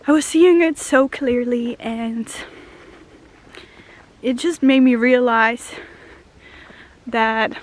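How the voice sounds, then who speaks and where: A young woman talking casually while walking outdoors, a bit out of breath, rambling and dreamy, often laughing and stopping to marvel at what she sees. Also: sits high. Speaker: spiritual vlogger. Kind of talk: casual walking vlog monologue. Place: outdoors in a forest.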